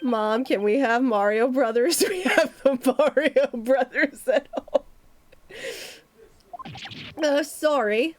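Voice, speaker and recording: A young woman streaming a game, reacting with giggly, excitable casual commentary. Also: high-pitched, takes it slowly, long pauses, slight background noise. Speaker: VTuber streamer.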